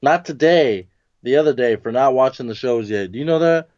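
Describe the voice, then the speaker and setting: A man's voice: mid-range voice, expressive, brisk, darkish tone, no room sound. A young man in casual chat, teasing his friend with profane banter. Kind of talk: casual chat about TV and comics. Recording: dry, dull lo-fi sound.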